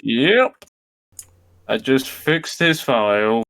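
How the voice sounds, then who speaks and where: Slow, lively-voiced male player. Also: medium pitch. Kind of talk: in-character tabletop role-play.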